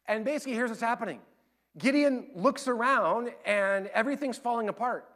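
A man preaching a sermon as pastor, swinging between loud, excited storytelling and quiet, earnest appeals. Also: extremely high pitch, a little fast.

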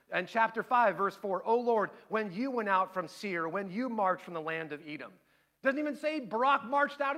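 A middle-aged man preaching a sermon, telling a family story with lively acted-out voices before turning quiet and earnest. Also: high-pitched. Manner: animated storytelling, acting out his kids and himself. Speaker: pastor.

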